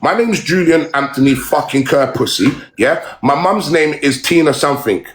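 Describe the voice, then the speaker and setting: A man's voice: a little high, lively intonation, moderate pace, slight background noise. A man ranting angrily on a phone livestream, swearing hard and taunting someone over and over. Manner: aggressive, swearing, repetitive taunts. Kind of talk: angry livestream rant. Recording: roomy echo.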